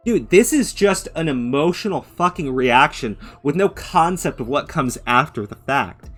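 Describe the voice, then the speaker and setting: A man's voice: sits high, animated, normal speed, a bit bright, faint music behind. A man hosting an angry reaction commentary, ranting with heavy profanity and mocking others in put-on voices. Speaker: commentary channel host.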